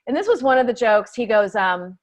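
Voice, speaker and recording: A woman comedian telling a story in a casual interview, animated and swearing, often saying "like". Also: fairly high pitch, fairly quick. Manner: animated, swearing, heavy use of "like". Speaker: stand-up comedian, guest.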